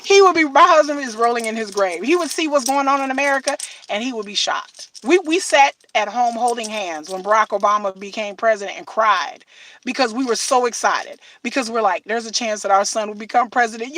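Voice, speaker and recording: Bright-voiced woman chatting on a livestream. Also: a little high, recorded from a distance, rough recording. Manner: animated storytelling, acts out quotes, swears freely. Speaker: livestream host. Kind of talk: casual livestream chat. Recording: voice slightly off-mic, faint noise.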